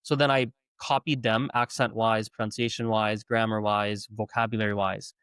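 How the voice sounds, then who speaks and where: A man's voice: lowish voice, moderate pace, clean tone, no echo. Chatty man telling stories. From Canada. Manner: lively, self-correcting, chatty. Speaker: podcast guest. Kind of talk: conversational storytelling.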